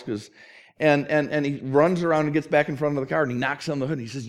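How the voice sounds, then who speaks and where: This middle-aged man preaching as a pastor has a mid-range voice and a brisk delivery. His sermon is full of lively storytelling, with quotes performed in character.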